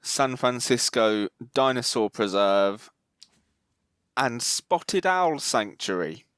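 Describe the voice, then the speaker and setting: A man's voice: medium pitch, lively intonation, slow pace, fairly bright tone, smooth. A man co-hosting a podcast, recapping an episode in casual chat with dry, understated remarks. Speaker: podcast co-host.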